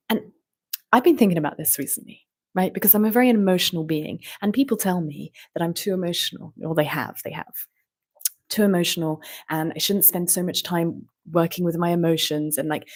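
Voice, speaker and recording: A woman's voice: on the low side, husky. A woman vlogger rambling in a stream-of-consciousness monologue, meandering with fillers and rhetorical questions.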